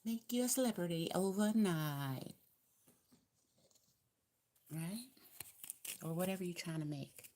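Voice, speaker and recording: A woman's voice: fairly low pitch, takes it slowly, long pauses, mellow, a little hiss or hum. A woman with a Southern US accent giving a casual tarot card reading, chatty and encouraging, repeating her advice in a colloquial way. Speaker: tarot reader.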